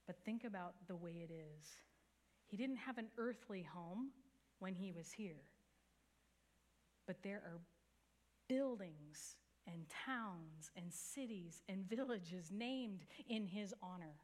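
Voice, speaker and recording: A woman pastor preaching a sermon, telling a story in an earnest, conversational way. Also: fairly low pitch. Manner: earnest storytelling with a few soft laughs.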